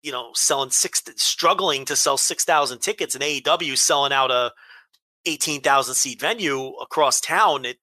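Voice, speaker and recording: A man's voice: mid-range voice, moderate pace, pushed and bright, no room sound. A man co-hosting a casual chat, ranting heatedly with profanity and emphatic repeats. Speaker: podcast co-host.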